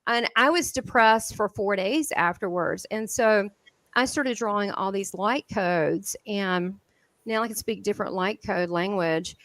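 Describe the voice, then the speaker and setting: A woman with a Southern American drawl tells her stories in a lively, animated way, laughing often and acting out the dialogue. Her voice sits at a middling pitch, and the recording is dry and close with almost no room sound. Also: unhurried, dry recording. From southern United States. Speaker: guest medium. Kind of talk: animated storytelling in an interview.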